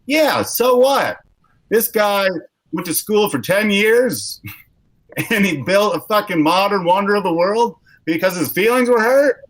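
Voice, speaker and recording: A man's voice: sits high, animated, a little slow, a bit bright, no room sound, low-quality recording. A young adult man doing a rambling, self-deprecating stand-up set, telling awkward personal stories. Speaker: stand-up comedian.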